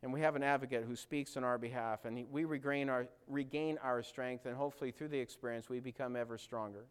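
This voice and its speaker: A man's voice: medium pitch, steady tone, quick pace, clear, resonant tone. A man preaching a sermon, earnest and direct, asking his listeners questions and acting out quoted lines with growing force.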